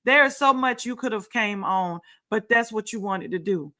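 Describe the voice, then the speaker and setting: Bright-voiced woman host ranting emphatically. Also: medium pitch, lively intonation, normal speed. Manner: emphatic, repetitive ranting with sarcastic asides. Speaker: talk show host. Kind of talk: casual commentary on reality TV. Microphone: home setup, screen sharing.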